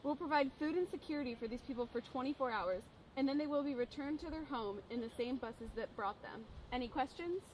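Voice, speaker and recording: A woman playing a brisk army sergeant who gives commands in an indie film. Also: high-pitched, slight background noise, lightly acted, low-quality recording. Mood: briefing. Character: gruff army sergeant giving orders.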